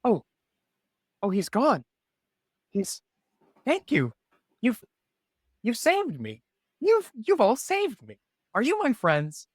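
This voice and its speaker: A man's voice: very high-pitched, huge pitch swings, slow, long pauses, dry recording, studio quality, pitched above the performer's own voice, full character voice. Man putting on a tiny, naive hatchling bird. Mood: frightened, relieved. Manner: innocent, chirpy, breathless.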